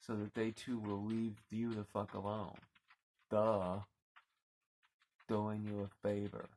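Gravelly man ranting with heat. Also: fairly low pitch, monotone, moderate pace, a little mellow, a little hiss or hum, low-quality recording. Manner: heated, swearing, repeating words when worked up. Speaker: vlogger. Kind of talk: angry profane rant to camera. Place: on a boat at anchor.

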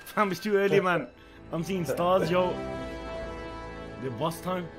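Young streamer, slangy and high. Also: male voice, unhurried. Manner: slangy, laughing banter. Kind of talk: casual gaming chat. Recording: game music behind the voice.

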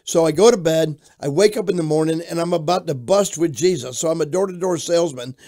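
An older pastor from Florida, telling his life story in an interview with an animated storytelling manner. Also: a little high, fast. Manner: animated storyteller who shouts out quoted lines.

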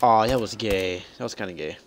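A young man live-streaming a shooter game, reacting to the match and chatting with viewers and teammates, getting frustrated and excitable. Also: fairly low pitch, a little fast. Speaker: gaming streamer. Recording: faint background noise.

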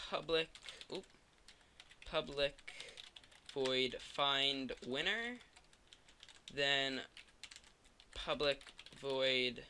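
This screen-recorded coding lesson comes from a tired young man who thinks out loud, rambles and jokes about himself while typing. His voice is mid-range, pushed and bright, with a bit of hiss or hum in the recording.

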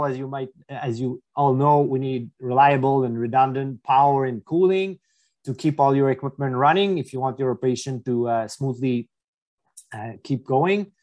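Male engineering executive, dry close sound, halting, repeats himself. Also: mid-range voice, darkish tone, no echo. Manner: hesitant, repeats words. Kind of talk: webinar presentation.

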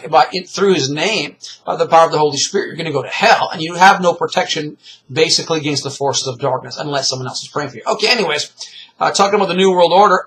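A middle-aged man giving rambling, animated religious commentary, full of fillers and chuckles. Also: fairly high pitch, poor audio. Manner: animated, rambling, laughs often, frequent fillers.

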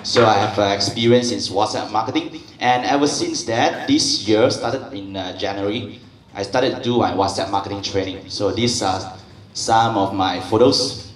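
A man's voice: lowish voice, normal speed. A man giving a seminar talk as a guest speaker, chatty and joking with the audience. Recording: echoey hall, distant mic, faint noise.

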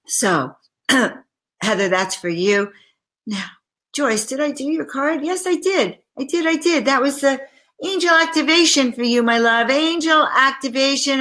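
A woman's voice: mid-range voice, sharp tone. A middle-aged woman hosting a live-stream card reading, chatty and effusive, calling viewers by name and passing on spiritual messages. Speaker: spiritual card reader and host.

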